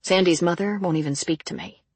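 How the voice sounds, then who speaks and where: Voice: medium pitch, fairly quick, slightly rough, no echo. A reader voicing an earnest, self-questioning woman criminal psychologist in an audiobook. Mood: firm. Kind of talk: audiobook character reading.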